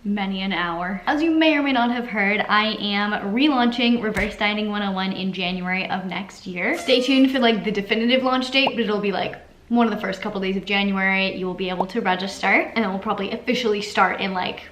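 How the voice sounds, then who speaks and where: A woman's voice: mid-range voice, brisk, a bit bright. A woman chatting casually as a fitness vlogger, upbeat and chatty, often laughing. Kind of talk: casual vlog chat. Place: home kitchen, then out and about. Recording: echoey room, faint background noise.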